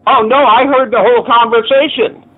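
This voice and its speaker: Angry high-voiced male caller. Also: fairly even intonation, fairly quick, slightly rough, phone-quality sound. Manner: angry, swearing, threatening. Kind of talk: phone call.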